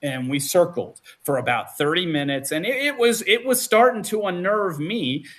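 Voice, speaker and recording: A man hosting a podcast, telling stories in a casual and animated way, often restarting sentences. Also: high voice, moderate pace. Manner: animated, acts out quotes, many restarts. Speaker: podcast host. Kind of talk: casual storytelling chat.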